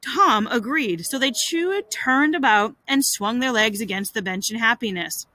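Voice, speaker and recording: A woman reading a classic story aloud with expressive delivery, dropping in wry casual asides. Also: fairly high pitch, measured pace, dry recording, poor audio. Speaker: reader.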